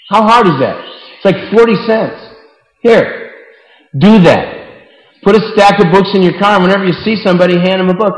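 Animated man telling stories in echoey hall. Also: sits high. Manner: animated storyteller acting out quotes. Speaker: book distributor speaking to devotees. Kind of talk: informal devotional talk with stories. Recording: echoey hall with long reverb.

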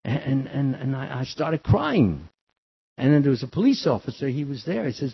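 An older man tells a sermon story with lively, swooping pitch and a slightly husky voice. He acts out children's cries in a high voice. The recording sounds dull and lo-fi. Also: moderate pace. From the Bronx, New York. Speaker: devotional speaker.

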